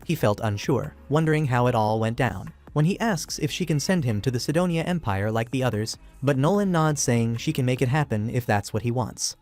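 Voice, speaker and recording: A man narrating an anime recap in a casual, steady, scripted retelling. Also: medium pitch, a little fast, hardly any pauses. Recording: faint music underneath.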